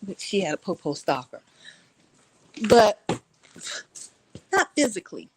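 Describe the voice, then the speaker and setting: A woman, from Texas, telling a story in casual chat from her couch at home, animated and laughing, playfully shifting her voice. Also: medium pitch, a little slow, slight background noise, poor audio.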